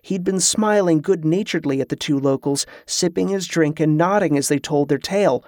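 A man narrating a fantasy audiobook in a steady, measured tone. His voice sits slightly high for a man. The sound is dry and close to the mic. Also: no echo. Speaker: author and narrator.

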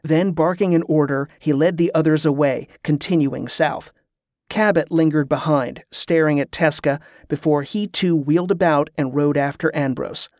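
A man's voice: on the high side, fairly even intonation, moderate pace, darkish tone, dry recording, clean studio sound. A man narrating a fantasy audiobook with vivid, dramatic storytelling.

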